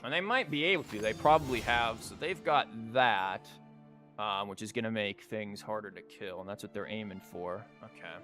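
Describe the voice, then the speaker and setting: A streamer and teacher with a sore throat, losing his voice, chats casually and rambles with fillers while commenting on a card game over game music. He speaks in a lowish voice at a moderate pace.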